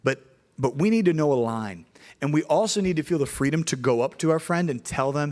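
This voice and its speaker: A young man, preaching to middle schoolers in an animated storytelling way. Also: fairly high pitch, a little fast. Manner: animated storytelling, acts out voices in anecdotes. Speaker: youth pastor.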